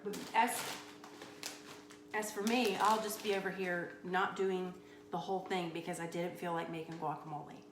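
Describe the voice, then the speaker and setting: A woman's voice: lowish voice, level tone, normal speed, roomy sound, background noise. A woman hosting a comedic cooking show on a live stream, rambling through a mock-boastful, tongue-in-cheek story.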